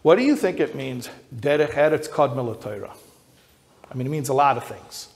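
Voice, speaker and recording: A man who is an educator, giving a lecture that builds to emphatic high peaks, often repeating and restarting words as he thinks aloud. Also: lively intonation, normal speed. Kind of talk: lecture to an audience. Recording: long hall reverb.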